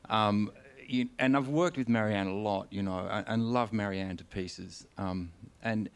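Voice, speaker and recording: Rambling Australian man with a lowish voice. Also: measured pace, clear, resonant tone. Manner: rambling, candid storytelling with many restarts and casual swearing. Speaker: guest author. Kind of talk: live on-stage conversation. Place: stage of a concert venue.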